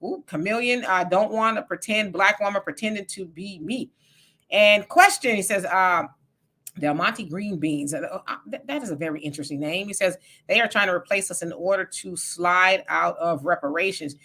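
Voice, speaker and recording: Woman livestreamer shouting out viewers, lots of ums, bright punchy voice. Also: lowish voice, normal speed. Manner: chatty, greets viewers by name, many fillers. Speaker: livestream host. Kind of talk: casual livestream chat reading comments.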